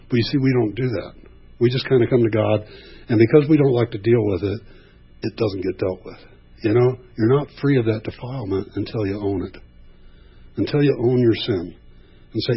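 A man's voice: medium pitch, a little fast, husky, muffled recording. A man preaching a sermon in a conversational way, acting out quoted voices.

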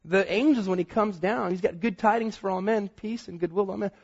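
A man in his thirties preaches with a slightly husky, breathy voice that sits a bit higher than most men's. He tells stories from his own life and acts out what people said to him. The sound is dull and lo-fi. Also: brisk. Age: 30s. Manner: storytelling with acted-out quotes. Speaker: pastor. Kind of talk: sermon.

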